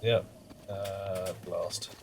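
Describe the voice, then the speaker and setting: Man, lowish voice, wry muttered asides, casual game streaming. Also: steady tone, extremely slow, background noise. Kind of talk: casual live gameplay commentary.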